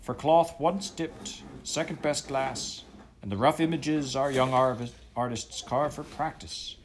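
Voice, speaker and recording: A man's voice: medium pitch, fairly even intonation, slow, a little hiss or hum, pitched above the performer's own voice, close to an everyday voice. A man voicing a proud, scornful ship captain with a growling, blustering manner. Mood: boastful.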